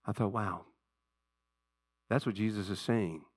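A man preaching a sermon, telling a story from an old TV show in a conversational way and pausing to ask his congregation questions. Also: lowish voice, no room sound, studio quality. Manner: conversational storytelling, retells a TV episode with asides to the congregation. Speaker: pastor.

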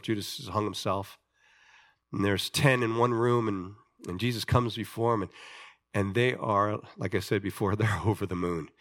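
A man preaching a sermon, telling a story with animated delivery and questions to his listeners. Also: fairly low pitch. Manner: animated storytelling, acting out voices, asks the audience questions.

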